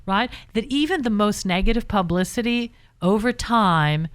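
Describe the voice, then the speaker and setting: A woman speaking as a radio guest in a chatty, self-mocking way, with plenty of stumbles and restarts. Her voice sits at an ordinary middle pitch. The studio sound is dry and close. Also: normal speed, clean tone, dry recording. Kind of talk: casual radio chat.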